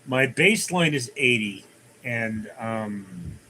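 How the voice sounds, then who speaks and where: A man's voice: mid-range voice, very animated, takes it slowly, bright, forceful tone, slight background noise, low-quality recording. A man hosting a casual livestream, rambling through viewer comments and telling jokes. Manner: rambling, many fillers and restarts, tells jokes. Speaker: livestream host.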